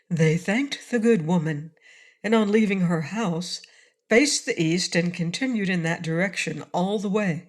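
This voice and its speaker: A woman narrating a classic children's storybook aloud in a steady reading voice. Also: fairly low pitch, unhurried. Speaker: audiobook narrator.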